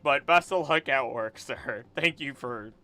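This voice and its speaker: Speaking a little slowly in a bright, forceful medium-pitched voice, a man who streams and does voice acting draws live while chatting casually. He mutters to himself, swears occasionally, and faint music sits behind him.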